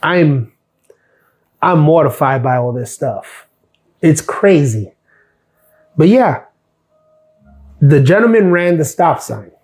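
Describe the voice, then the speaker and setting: Middle-aged guy on a live stream, fairly high voice, blunt sarcastic rant, swears a lot. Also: animated, slow pace, pauses often, darkish tone. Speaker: live stream host, former mail carrier. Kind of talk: casual ranting live stream.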